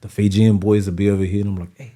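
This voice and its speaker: A young Australian man with a Sydney accent, telling stories on a podcast in a casual, animated way, acting out other people's voices with plenty of slang. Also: lowish voice, fast talker, crowd noise. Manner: animated storyteller, acts out voices, heavy slang and swearing. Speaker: podcast guest, DJ.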